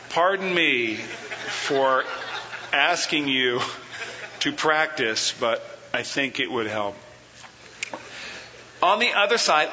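Guy teaching a church class, bright edgy voice, reads quotes then quizzes the room, muffled hissy recording in a big echoey hall. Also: a little high. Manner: reads quotations aloud, then explains them; questions the audience and has them repeat phrases. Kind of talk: teaching a seminar on worship.

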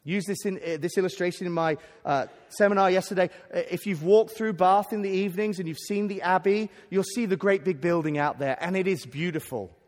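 A man's voice: sits high, fairly quick, hardly any pauses. A man preaching a sermon at a conference, earnest and emphatic, often stumbling over and restarting his words. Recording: long hall reverb.

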